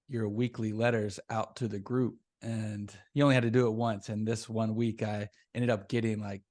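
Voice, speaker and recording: A man hosting a podcast, chatting casually and sharing his own recovery story in a relaxed way. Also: on the low side. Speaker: podcast host. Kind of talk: casual interview chat.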